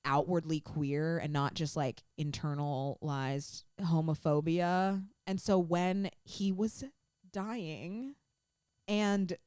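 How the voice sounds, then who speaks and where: A woman's voice: low voice, steady tone, slow pace, hardly any pauses, darkish tone, smooth, dry recording, clean studio sound. A woman co-hosting a fan podcast, recapping scenes in an emotional, gushing way full of "like" fillers. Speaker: podcast co-host. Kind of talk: casual fan chat.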